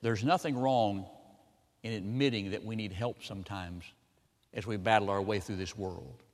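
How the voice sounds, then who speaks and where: A male pastor preaching a sermon, swinging between loud, emphatic lines and quiet ones. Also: on the low side, normal speed, big-room sound. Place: church sanctuary.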